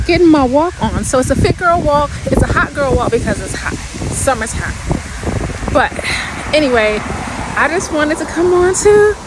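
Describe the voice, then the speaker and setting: A woman's voice: high-pitched, animated, measured pace, long pauses, background noise. A woman chatting casually as she walks outside, a little winded and laughing often. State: slightly winded. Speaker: vlogger. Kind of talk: casual walking vlog chat. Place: outdoors in a hilly neighborhood.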